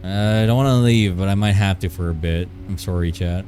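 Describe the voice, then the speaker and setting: Low-voiced man chatting on a live stream. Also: a little fast, dark tone, soft background music. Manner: playful, rambling, chats with viewers. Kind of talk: casual live-stream chat while drawing.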